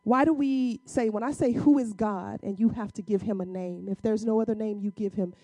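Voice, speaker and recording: A woman preaching a sermon in a conversational, emphatic way, acting out biblical dialogue in casual speech and using dramatic pauses. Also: medium pitch, fairly even intonation, dark tone, dry recording, highs cut off.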